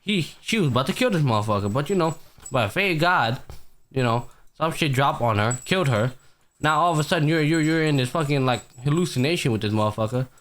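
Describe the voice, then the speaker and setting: Animated, swearing man retelling an anime. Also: on the high side, fast talker. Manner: animated storytelling, heavy swearing, acts out characters. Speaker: podcast host. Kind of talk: casual anime podcast chat.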